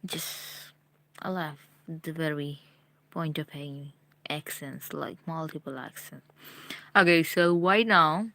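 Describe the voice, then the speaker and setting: Young female streamer from India, chatty with viewers, slow and low. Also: a bit bright. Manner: chatty, talks straight to viewers. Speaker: live streamer. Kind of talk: casual live-stream chat.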